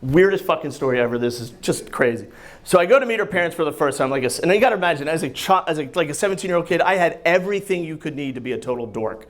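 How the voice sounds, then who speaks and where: A man performing a profane, animated standup comedy set on a club stage. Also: a little high, very fast. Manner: animated, profane, loud bursts over crowd laughter. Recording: live club recording with crowd laughter. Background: audience laughing.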